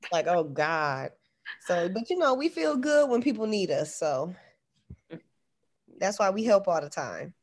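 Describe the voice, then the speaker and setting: A woman's voice: medium pitch, animated, measured pace, pauses often, darkish tone. A woman co-hosting a podcast in casual chat, complaining with a laugh. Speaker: podcast co-host.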